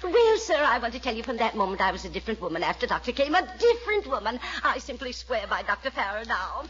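A woman's voice: a little high, very animated, fairly bright tone. A gushing, condescending older mother. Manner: gushing, drawn-out, talks down to others. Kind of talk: 1940s radio acting. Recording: dull old radio recording.

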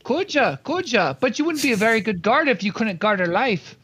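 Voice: medium pitch, sing-song, fairly quick, a bit bright, husky. A playful tabletop game player who laughs often and talks boldly in character. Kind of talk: tabletop role-play.

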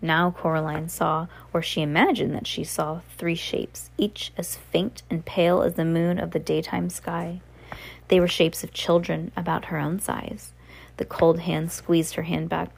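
A woman reading a novel aloud in a relaxed way, with slips and self-corrections. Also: lowish voice, unhurried, creaky, breathy edge. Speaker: reader.

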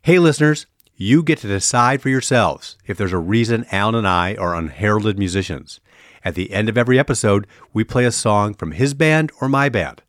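A man's voice: on the low side, expressive, a little fast, no room sound, clean studio sound. A man hosting a podcast and interviewing a guest in a playful, teasing way. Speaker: podcast host, musician. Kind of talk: casual interview chat.

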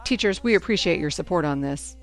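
A woman's voice: fairly low pitch, expressive, fairly quick, close to an everyday voice. A woman voicing a stern, formal booster club president running a school auction, with a commanding announcer manner.

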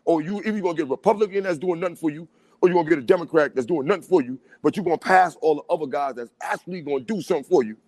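A man in casual chat, talking in an animated, street-style way and often asking "you know what I'm saying". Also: fairly high pitch, rapid-fire, no echo.

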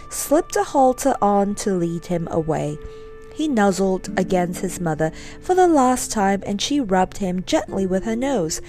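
A woman narrating a children's storybook in a gentle, expressive reading. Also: mid-range voice.

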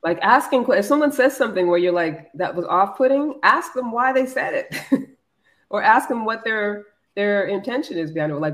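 A woman's voice: medium pitch, expressive, moderate pace, a bit bright. A woman co-hosting a call-in dating-advice podcast, chiming in with agreement and her own advice. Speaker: podcast co-host.

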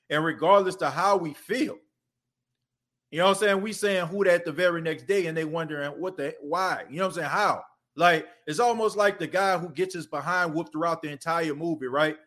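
A man's voice: a little high, fairly bright tone. A man hosting a casual sports podcast, talking loosely and conversationally and using lots of filler phrases. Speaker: podcast host.

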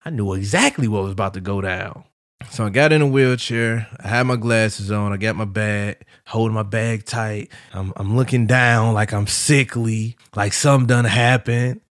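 A man hosting a podcast, telling a travel story in a casual, animated way, swearing freely and acting out what people said. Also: fairly low pitch, moderate pace, dry recording, clean studio sound. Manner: profane, animated, quotes people in his story. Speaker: podcast host.

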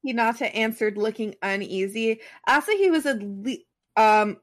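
A woman's voice: a little high, normal speed. A woman reading a fan story aloud as a podcast co-host, stopping now and then for casual asides.

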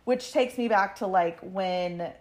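A woman's voice: medium pitch, slow pace, a little mellow. A woman co-hosting a book podcast, talking in a hesitant, filler-heavy way. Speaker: podcast co-host. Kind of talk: casual chat.

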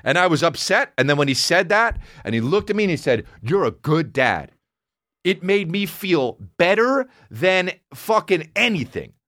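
A man in his thirties, a comedian telling a rambling, profane story in casual chat, mumbling low one moment and shouting the next. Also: normal speed, few pauses, no echo, clean studio sound. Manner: profane, animated, swings between mumbling and shouting.

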